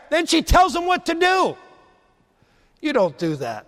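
A man preaching a sermon, rising to emphasize points and dropping low and quiet on key phrases. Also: wildly swooping pitch, measured pace, long reverb tail.

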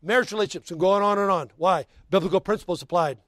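Rapid-fire and high-voiced, a man preaches a sermon, alternating loud, emphatic moments with hushed ones and adding folksy asides between scripture passages. He then leads a closing prayer and an altar call, with no echo.

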